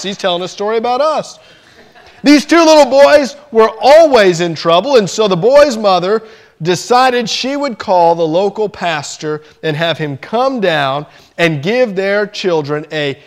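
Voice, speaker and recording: A man preaching a sermon, telling a story in an animated way and slowing down to stress his points. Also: sits high. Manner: storytelling, animated, slows down for emphasis.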